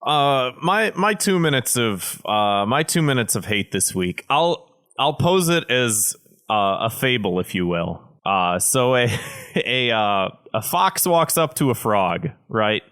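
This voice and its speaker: A man hosting a comedy podcast, telling a deadpan story in casual, profane chat. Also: medium pitch, slow pace, clean tone. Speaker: podcast host.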